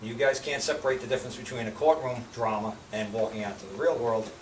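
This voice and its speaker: A fast-talking older American with a mid-range voice shares life lessons with a small group through blunt, profane stories, performing the voices of people he quotes. He sounds far off in a roomy space, with noticeable background noise.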